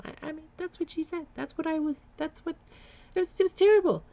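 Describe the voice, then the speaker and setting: Vlogger woman with a gravelly edge, raw and candid, lo-fi recording. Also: very high-pitched, brisk, dark tone. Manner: candid, emotional, with nervous laughs and repeated words. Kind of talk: personal storytelling vlog.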